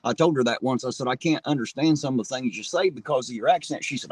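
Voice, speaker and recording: A man's voice: mid-range voice, fast talker, crowd noise. Folksy Appalachian-drawl man in a parked car. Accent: southern Ohio Appalachian drawl. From southern Ohio. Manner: folksy, profane, laid-back. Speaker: livestream host. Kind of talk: casual chat reading viewer comments.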